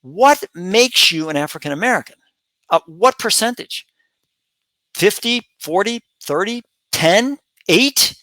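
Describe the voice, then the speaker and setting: A man's voice: high voice, lively intonation, unhurried, pushed and bright, dry recording. A middle-aged man hosting a commentary channel, delivering a rambling opinion monologue full of fillers, restarts and repetition.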